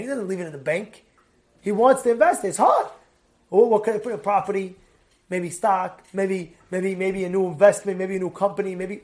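A man teaching a Torah class, telling stories in an animated way and acting out the people in them. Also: high voice. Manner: animated storytelling, acts out quoted voices.

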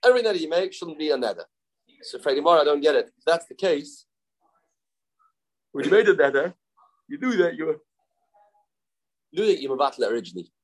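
A man's voice: on the high side, big pitch swings, low-quality recording. Man teaching a Talmud class. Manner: explains in English, mixing in Hebrew and Aramaic terms, acts out quoted speakers; halting, self-correcting delivery.

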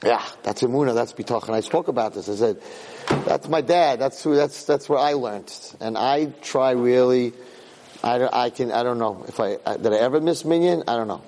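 A man giving a fervent Torah talk as a rabbi, telling stories with animated energy that builds to shouting. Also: medium pitch, moderate pace, slight background noise. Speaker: rabbi teaching students. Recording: long hall reverb.

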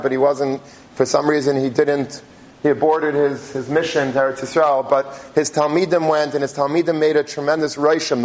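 A man giving a religious talk, telling a story in a halting way with many restarts. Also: a little high, rough recording. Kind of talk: sermon storytelling.

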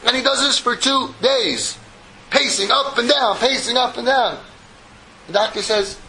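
A man giving a Torah lecture to a group as rabbi, an animated storyteller who slips in jokes. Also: very high-pitched, a little slow, slight background noise, rough recording.

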